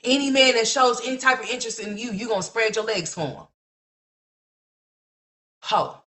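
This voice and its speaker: A woman's voice: a little high, moderate pace, fairly bright tone. A woman hosting a livestream, ranting in a blunt, mocking, profane gossip commentary full of rhetorical questions.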